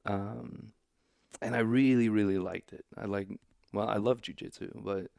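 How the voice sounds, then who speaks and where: A laid-back young man with a low, gravelly voice rambles through a story on a podcast, full of "like" and "um". The sound is close and dry, with no room in it. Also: steady tone, measured pace, darkish tone, dry recording. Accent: St. Louis. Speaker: comedian guest. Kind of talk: casual podcast chat.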